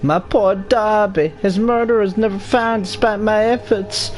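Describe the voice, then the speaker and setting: A man's voice: sits high, steady tone, normal speed, faint music behind, pitched above the performer's own voice, close to an everyday voice. A man voicing a grieving woman ghost in a video game, speaking in a pleading, mournful way.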